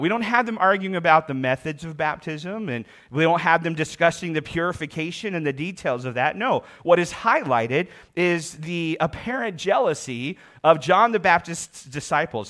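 Guy pastor preaching, voice a bit on the high side, reads verses then hammers the point home. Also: a bit bright. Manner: reads scripture aloud, then explains it with emphatic repetition. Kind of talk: sermon.

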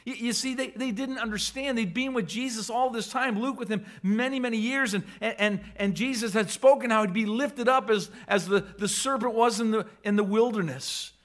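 A man's voice: extremely high pitch, normal speed, hardly any pauses. A man preaching a sermon, acting out the voices of scripture figures with dramatic swings and frequent repeated words. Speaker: pastor.

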